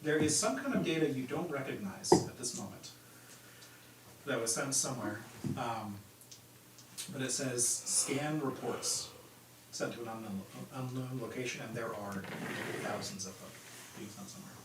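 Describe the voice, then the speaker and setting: A man running a tabletop game as game master, narrating in a relaxed way with plenty of ums and likes. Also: medium pitch, normal speed, pauses often. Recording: echoey room from far off with background noise.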